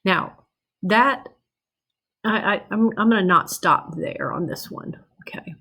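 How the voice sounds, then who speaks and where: Casual woman teaching calculus, slightly low voice. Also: fairly bright tone. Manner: conversational, checks in with "okay?", restarts and self-corrects. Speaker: math teacher. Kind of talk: recorded lecture walking through calculus problems.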